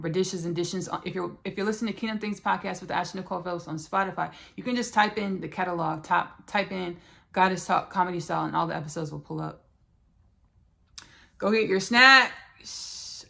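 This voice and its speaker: A woman hosts a spiritual podcast in a low voice with a gravelly, creaky edge. She circles back over her phrases and keeps calling her listeners "y'all" and "baby.". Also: a bit bright. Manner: repetitive, talks straight to listeners as "y'all" and "baby". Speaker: podcast host.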